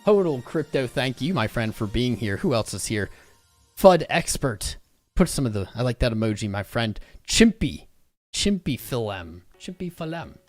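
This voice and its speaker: Guy hosting a crypto livestream, chill jokey shout-outs, speeds up and gets loud then drops off, faint music underneath. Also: mid-range voice, very animated, dry recording. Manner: loose, jokey, quick shout-outs with sudden shifts in pace and loudness. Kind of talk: casual live-stream chat reading out viewer names.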